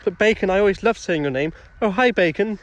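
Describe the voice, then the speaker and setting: A man's voice: sits high, animated, quick pace. A man hosting a casual livestream outdoors, chatting with viewers and joking as he digs for finds. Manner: chatty, jokey, talks to chat while working. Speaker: livestream host.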